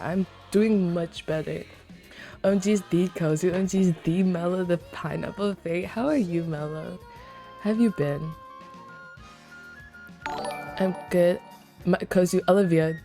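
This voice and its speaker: A young adult woman streaming, chatting casually with viewers, excitable and swearing freely as she greets them by name. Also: lowish voice, normal speed, soft background music.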